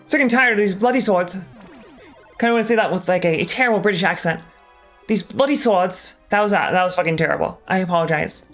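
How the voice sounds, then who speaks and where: A game streamer's high-pitched voice moves at a quick pace with a fairly bright tone while faint music plays in the background. Commenting on his live gameplay, he's casual and candid, swears a lot, and hesitates with numerous ums.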